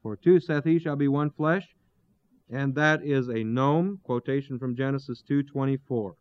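A man with a smooth, mid-range voice teaches through a Bible passage verse by verse, stopping to explain terms and putting rhetorical questions to his listeners. The recording is dull, dry and lo-fi.

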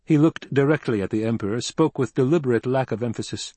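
Husky male audiobook narrator. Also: mid-range voice, expressive, fairly quick, hardly any pauses, mellow, no echo. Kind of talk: scripted narration.

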